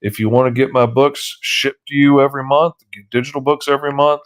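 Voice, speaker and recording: A comic artist, a man, casually narrating in a folksy, relaxed way as he inks a page. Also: mid-range voice, brisk. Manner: folksy, relaxed commentary on his own work. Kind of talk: casual narration while inking.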